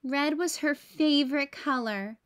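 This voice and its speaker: Slow, high-voiced woman reading a kids' story. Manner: clear, expressive reading. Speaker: teacher. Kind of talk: children's storybook read-aloud.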